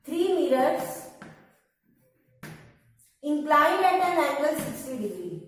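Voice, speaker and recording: A woman teaching a science class, explaining step by step and repeating key points patiently. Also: high voice. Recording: echoey room, far from the mic.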